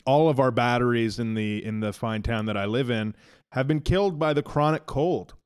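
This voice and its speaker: A man in his thirties co-hosts a laid-back podcast, rambling from joke to joke. His voice sits at an ordinary middle pitch and talks easily. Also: normal speed, a little mellow, clear, resonant tone. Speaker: podcast co-host. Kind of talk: casual chat.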